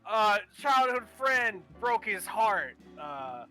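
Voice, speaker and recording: High-voiced male co-host, very bright tone, halting casual chat. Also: sing-song, faint music behind. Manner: loose, halting, lots of "like".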